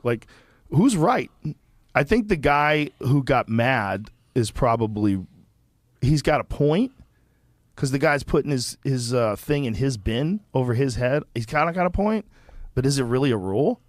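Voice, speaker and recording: A man's voice: mid-range voice, animated, normal speed, no echo, studio quality. A man in casual podcast chat, rambling through questions as he thinks aloud.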